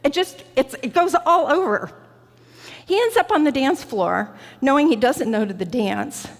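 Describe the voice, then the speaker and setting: Woman preacher, reflective sermon, slightly high, gravelly edge, long church reverb. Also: expressive. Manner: reflective, personal, slow and deliberate. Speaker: guest preacher. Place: large church sanctuary.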